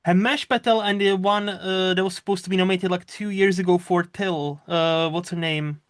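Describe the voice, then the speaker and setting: Male podcast host, high voice, dry close sound, chatty and laughing, loose restarts. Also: fairly even intonation, normal speed, fairly bright tone, no room sound. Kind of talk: casual chat.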